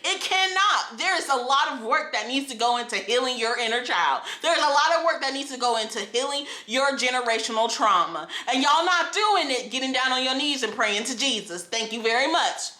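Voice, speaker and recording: A woman's voice: high voice, animated, a little fast, few pauses, pushed and bright. A woman in her twenties telling her own story in an emotional vlog, impassioned and emphatic, repeating phrases for force. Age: 20s. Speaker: vlogger. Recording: echoey room.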